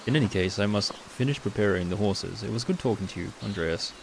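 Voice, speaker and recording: A man voicing a polite male servant of a baron, who speaks in a measured, formal and deferential way as he reads game dialogue aloud. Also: lowish voice, creaky. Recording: steady rain noise behind.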